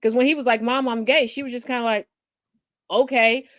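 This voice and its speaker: A woman hosting a casual chat, telling a family story with animated energy, acting out her relatives and swearing freely. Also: a little high, fast talker, no room sound, clean studio sound. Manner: animated storyteller who acts out family members. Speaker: host.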